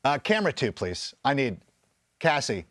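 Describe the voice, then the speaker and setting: A man's voice: medium pitch, big pitch swings, normal speed, fairly bright tone, no echo. A man co-hosting a fantasy football show, ranting emphatically with mock outrage. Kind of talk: animated sports banter.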